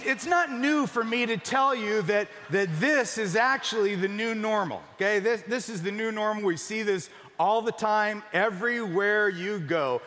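A high, bright-voiced man preaches to a large church, emphatic and dropping to a near-whisper for the points that matter most. His voice carries a long reverberant hall tail. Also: a little hiss or hum. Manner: emphatic, drops to a hush for key points. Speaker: pastor. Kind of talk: sermon.

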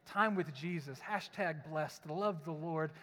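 Brief: young male pastor, high voice, chatty and joking sermon delivery, long reverb of a large church hall. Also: a little slow. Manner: conversational, joking, animated storytelling. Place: church sanctuary.

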